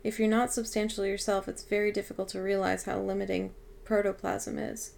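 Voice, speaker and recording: A woman reading aloud, voicing a cheerful, eccentric old otherworldly woman who chats briskly and soothingly. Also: mid-range voice, flat delivery, creaky, a little mellow, slight background noise. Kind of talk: audiobook reading.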